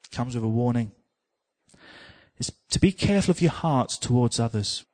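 A man's voice: mid-range voice, moderate pace. A man with an English accent preaching a sermon, telling a personal story with self-mocking humor and snatches of song. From England. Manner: lively storyteller, sings snippets, self-mocking.

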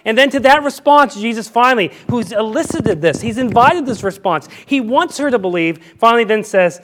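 A male pastor preaching a sermon, animated and emphatic, often repeating himself as he explains scripture. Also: very high voice, moderate pace, hardly any pauses.

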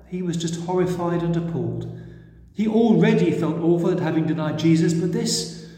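A man preaching, retelling a story gently and expressively before leading a prayer. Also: on the high side. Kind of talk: sermon storytelling. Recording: echoey church hall.

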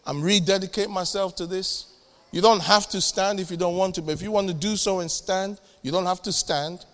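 A middle-aged man preaching a sermon in a church hall, animated and jokey, with sudden loud bursts and acted-out dialogues. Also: sits high, a little fast. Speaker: pastor. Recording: echoey church hall with long reverb.

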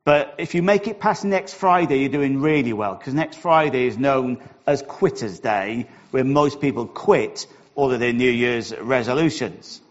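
A man's voice: medium pitch, unhurried, hardly any pauses. A middle-aged Welsh man, a pastor, opening a sermon in a chatty, joking, self-deprecating way in a church hall. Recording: dull lo-fi recording.

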